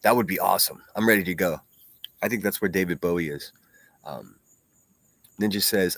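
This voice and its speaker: A man's voice: deep voice, normal speed, long pauses, dry recording. Blunt, profane man hosting a livestream. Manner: blunt, profane, reads viewer comments aloud. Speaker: livestream host. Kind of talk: casual solo livestream chat.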